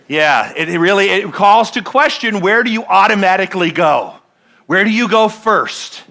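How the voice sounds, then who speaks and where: Bright-voiced woman minister preaching. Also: medium pitch. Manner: conversational, asks the congregation questions and leads recitations. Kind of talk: Sunday sermon. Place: church sanctuary.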